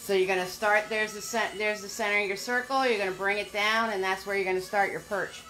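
A woman's voice: medium pitch, steady tone, brisk, sharp tone, faint music behind. An older woman giving a live painting lesson, upbeat, chatty and encouraging. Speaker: painting instructor.

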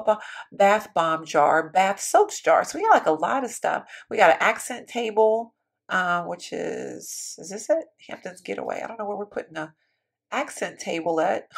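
A woman's voice: mid-range voice, vocal fry, husky. A woman giving casual, chatty commentary while building in a life-sim game, thinking aloud and talking to her viewers. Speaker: Sims building YouTuber.

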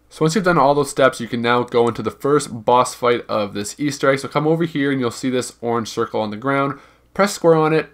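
A young man casually narrating a gameplay guide, informal and rambling, hedging his numbers and repeating himself as he explains each step. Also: medium pitch. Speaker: gaming video guide creator.

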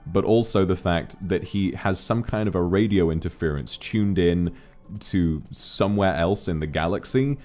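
Deep-voiced sleepy man streaming. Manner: relaxed, drowsy, chatty storytelling. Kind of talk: casual livestream chat. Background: faint music.

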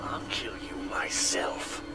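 A man's voice: sits low, level tone, slow, creaky, exaggerated voice. An actor playing a cold, menacing male villain who gives clipped, threatening orders in a video game cutscene, with game music behind.

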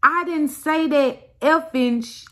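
Animated young woman telling a story. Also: high voice, takes it slowly. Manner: animated, emphatic retelling. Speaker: vlogger. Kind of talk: casual storytime.

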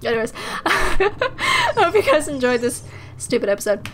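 A woman's voice: high-pitched, huge pitch swings, unhurried, a bit bright, poor audio. A young woman hosting a casual let's-play, joking crudely and giggling often. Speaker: gameplay host. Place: small home recording room.

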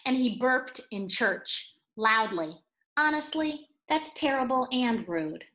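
A woman reading a children's picture book aloud, pausing to explain words and add playful asides. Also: on the high side, animated, bright, forceful tone. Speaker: read-aloud storyteller for children.

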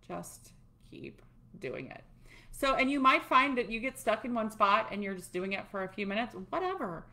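A middle-aged tapping coach leads viewers through a tapping routine in relaxed, instructional fashion, chatting and poking fun at herself as she demonstrates. Her voice is mid-range with a fairly bright tone.

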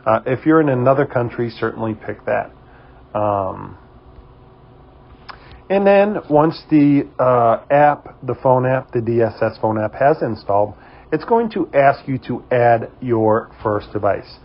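Husky New England man explaining. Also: medium pitch, a little slow, lo-fi sound. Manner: relaxed, many "um" fillers. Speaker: host of a security camera company channel. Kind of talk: casual how-to tutorial.

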